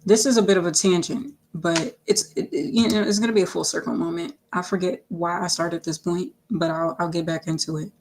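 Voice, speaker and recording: A woman's voice: lowish voice, steady tone, brisk, few pauses, a little mellow. Rambling woman chatting on a livestream. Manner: rambling, filler-heavy, self-correcting, playful asides. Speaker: singer-songwriter livestreaming her work. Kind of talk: casual livestream chat.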